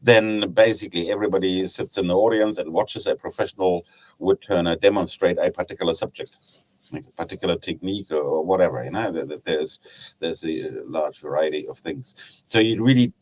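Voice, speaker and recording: A man's voice: deep voice, brisk, a little mellow, poor audio. A man with a German accent, a guest telling anecdotes in a casual chat about his woodturning club. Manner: chatty, laughs at his own anecdotes.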